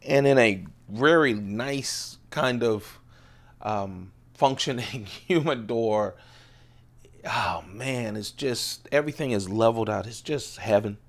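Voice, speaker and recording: A man's voice: mid-range voice, slow pace. A man in his late fifties, casually showing his pocket items on a vlog, rambling and laughing as he goes. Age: 50s. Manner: chatty, laughs often, digresses. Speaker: EDC video host. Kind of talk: casual rambling show-and-tell.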